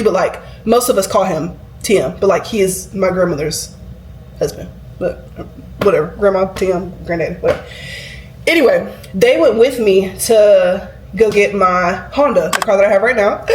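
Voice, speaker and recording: A woman's voice: medium pitch, a little hiss or hum. Young woman vlogging, rambly and chatty, roomy echoey sound. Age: 20s. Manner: chatty, rambling, heavy use of "like". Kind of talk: casual chat to camera. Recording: roomy echo.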